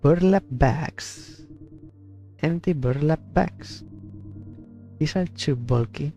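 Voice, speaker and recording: A man's voice: fairly high pitch, slow, mellow, faint music behind. A man streaming a horror game, musing aloud and fumbling over how to pronounce names. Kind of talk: let's play commentary and dialogue reading.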